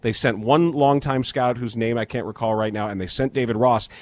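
A man hosts a sports talk segment in a measured, even voice, working through statistics with small halting restarts. His pitch sits in an average range.

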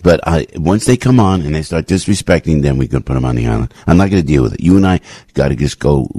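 Man, radio host, deep husky voice, heated rambling monologue, dry studio sound. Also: animated, quick pace, warm tone, no echo. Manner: rambling, impassioned, frequent restarts and sudden pitch jumps. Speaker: radio talk show host. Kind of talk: opinionated talk radio monologue.

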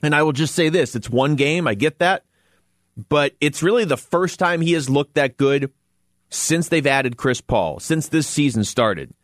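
A man's voice: a little high, expressive, no room sound. A man hosting a sports radio show from a studio, talking casually and laughing often between points. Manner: chatty, laughs often, quick asides.

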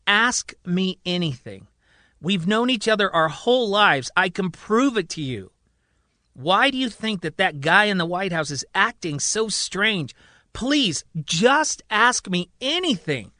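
A man's voice: high voice, sing-song, a little slow, bright, forceful tone, no room sound, studio quality, pitched above the performer's own voice, heavily acted. A man doing an earnest, pleading patient. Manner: pleading, insistent. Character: man believing he is the president, earnest.

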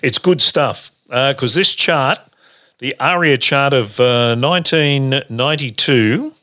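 A man's voice: medium pitch, slow, sharp tone. A man hosting a casual radio show, laughing often and teasing his co-hosts. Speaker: radio host.

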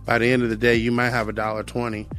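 An American man in middle age speaks with a steady, middling pitch about his life. He sounds earnest and reflective and comes back to his own phrases again and again. Faint music runs underneath. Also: fast talker. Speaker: guest sharing his testimony. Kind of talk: personal testimony talk.

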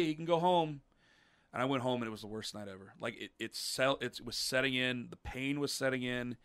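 Guy hosting a podcast telling a story, acts out everyone's lines, bright forceful tone. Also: mid-range voice, clear, resonant tone. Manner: animated, acts out quotes of others. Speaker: podcast host. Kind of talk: casual storytelling chat.

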